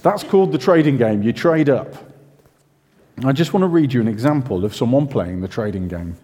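A man preaching a sermon, his tone mellow and warm while his pitch rises and falls with lively expression. He talks in a chatty, self-questioning way with casual asides. His voice carries a long reverb from the church hall. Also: brisk, husky.

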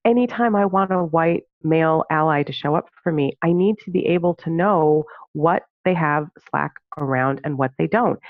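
A woman guest telling a personal story in conversation, animated and full of fillers, acting out what people said. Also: low-pitched, no echo. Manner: animated, reenacts dialogue with many fillers. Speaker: podcast guest, social justice trainer. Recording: narrow phone-like dry audio.

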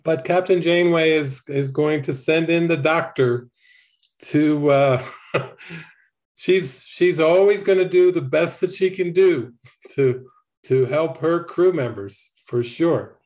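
A man giving slow, earnest spiritual commentary on a TV episode as a teacher. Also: fairly high pitch, darkish tone.

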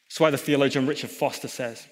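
A man's voice: mid-range voice, fairly even intonation, fast. A man preaching a sermon in a church hall, emphatic, with chatty asides to the congregation. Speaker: pastor.

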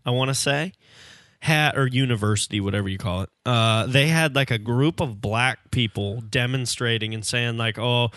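A man's voice: mid-range voice, moderate pace, a bit bright, no room sound, studio quality. A young man in casual podcast chat, emphatic and storytelling, often saying bro.

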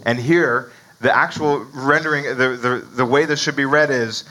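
A man's voice: medium pitch, fairly even intonation, normal speed, pushed and bright, low-quality recording. A man preaching a sermon in a conversational way, often asking "right?" and chuckling between points. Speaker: pastor.

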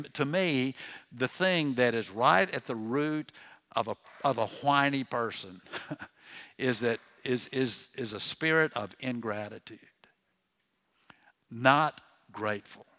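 A man's voice: mid-range voice, measured pace, pushed and bright. Older male pastor with a mid-range voice, easygoing preacher who stumbles and restarts, talking to his church. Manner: conversational preaching with frequent restarts and asides. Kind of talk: sermon.

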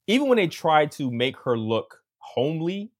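A man hosting a casual film podcast, his voice swinging widely up and down as he talks. He acts out his own reactions in quick asides and keeps a loose, chatty rhythm. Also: fairly high pitch. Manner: animated, acts out quotes, frequent "like". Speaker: podcast host.

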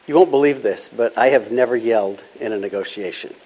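An older man, a business founder, answering interview questions in a calm, measured way and illustrating his points with stories. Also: mid-range voice, breathy edge, rough recording.

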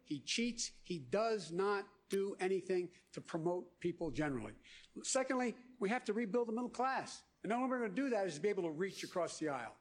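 Man making a loud political speech. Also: sits high, lively intonation, fast. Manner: forceful, raised oratory.

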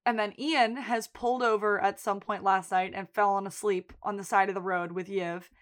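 A woman's voice: mid-range voice, normal speed. A woman co-hosting a podcast, recapping a TV episode in casual chat and acting out characters' lines. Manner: animated recapping, acting out quotes. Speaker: podcast co-host.

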